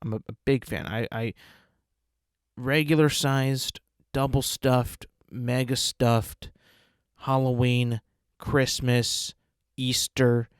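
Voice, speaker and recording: A man's voice: mid-range voice, level tone, takes it slowly, long pauses, clear, resonant tone, no echo, clean studio sound. A man hosting a casual solo podcast, rambling playfully and savoring talk of food. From United States. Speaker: podcast host.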